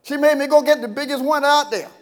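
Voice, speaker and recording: A male pastor delivers a sermon in a folksy, storytelling way, now and then erupting into shouts and chuckles. His voice sits very high and he talks quickly.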